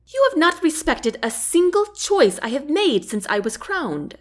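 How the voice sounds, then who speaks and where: A woman's voice: sits high, pitched above the performer's own voice. A woman voicing a proud young queen in a storybook reading, speaking in a firm, indignant way. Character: proud young queen, defiant and quick to anger.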